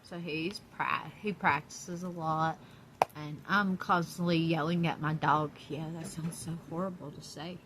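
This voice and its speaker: A woman's voice: low voice, fairly even intonation, a little slow, noisy background. A woman chatting in a casual vlog from her apartment, blunt and profane, laughing often. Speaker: YouTube vlogger. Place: downstairs apartment.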